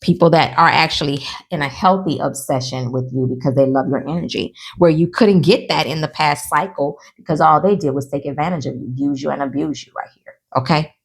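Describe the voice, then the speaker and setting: A woman from New Orleans gives a laid-back tarot reading to her followers from home. Her voice sits on the lower side, and she talks in a warm-hearted, encouraging stream. She keeps tagging "right?" onto her points and breaks into laughter often. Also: brisk, creaky, few pauses, slightly rough. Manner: chatty and encouraging, tags lines with "okay?" and "right?"; animated, with frequent laughter. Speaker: tarot reader. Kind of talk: casual tarot reading to viewers.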